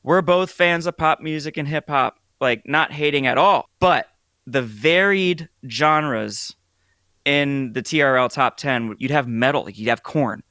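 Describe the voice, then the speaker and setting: This podcast co-host, a man in his thirties, speaks on the high side and never rushes. He's relaxed and chatty, spinning stories full of "like." The sound is studio quality, with no room sound.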